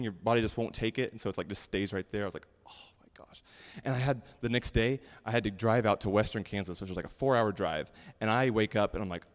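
A man giving a sermon and sharing personal testimonies in a loose, animated, conversational way full of fillers. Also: on the low side. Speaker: pastor. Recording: long hall reverb.

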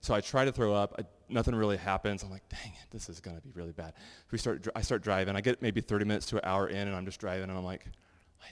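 A man giving a sermon and sharing personal testimonies in a loose, animated, conversational way full of fillers. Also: lowish voice, fast. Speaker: pastor. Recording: long hall reverb.

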